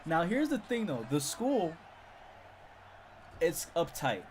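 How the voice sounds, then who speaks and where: A young man telling a story from his school days in a casual, animated way, growing loud and excited as he rants. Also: on the high side, slow. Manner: animated, gets loud and excited when ranting. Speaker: storytime streamer.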